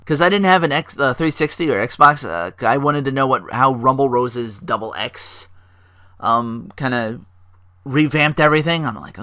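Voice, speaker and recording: A man hosting a casual solo podcast, rambling excitedly with swearing and fillers. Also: medium pitch, moderate pace. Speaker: podcast host.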